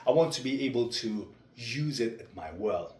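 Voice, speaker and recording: A young man talking through his speaking practice in a vlog, with a deliberate, measured delivery. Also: medium pitch, lively intonation. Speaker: vlogger. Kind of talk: reflective speech-practice vlog. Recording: roomy echo.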